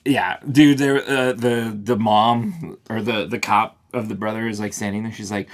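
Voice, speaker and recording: A man co-hosting a casual podcast about a TV show, talking in an animated way and acting out scenes. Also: lowish voice, moderate pace. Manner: animated, laughing, acts out scenes in quoted voices. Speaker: podcast co-host.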